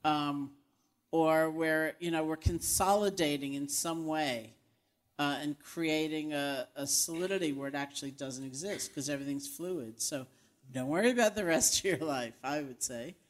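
A man giving calm, reflective advice in conversation, unhurried and with fillers. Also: on the high side.

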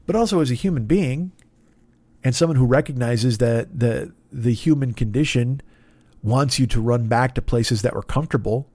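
A man's voice: mid-range voice, moderate pace, warm tone, no room sound. A man who works as a comedian, hosting a podcast in a casual, rambling monologue full of swearing and restarts. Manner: profane, rambling, self-interrupting. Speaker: podcast host.

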